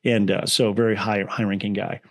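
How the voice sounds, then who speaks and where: A man's voice: fairly low pitch, fairly quick. Earnest middle-aged man telling a story. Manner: earnest, animated, restarts phrases often. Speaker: nonprofit founder and guest. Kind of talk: interview storytelling.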